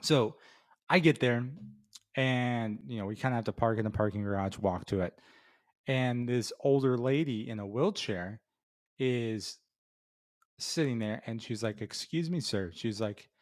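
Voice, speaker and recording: A middle-aged Floridian hosts a beer review show, speaking at medium pitch and a measured pace. He rambles through a casual story packed with fillers and restarts before handing out his rating.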